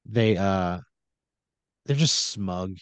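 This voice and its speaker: A man's voice: low-pitched, extremely slow, clear, resonant tone, dry recording. A man narrating an improvised role-play scenario in a rambling, filler-heavy way.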